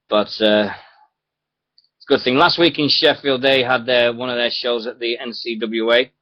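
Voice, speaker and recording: A man hosting a wrestling radio show, rambling and laughing as he tells stories. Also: on the low side. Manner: chatty, rambling, laughs often, animated storytelling. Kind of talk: casual radio chat. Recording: dull lo-fi internet radio audio.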